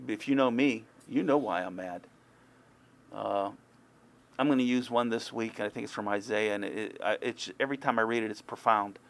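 A man's voice: on the low side, gravelly, fairly bright tone. A man preaching an informal sermon in a conversational way, growing heated and emphatic as he goes. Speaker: pastor.

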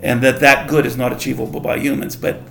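A man's voice: mid-range voice, level tone, fast talker, vocal fry, a bit bright, echoey room, soft background music. A man leading a casual Bible study, reading verses aloud and explaining them in a conversational way. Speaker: Bible teacher.

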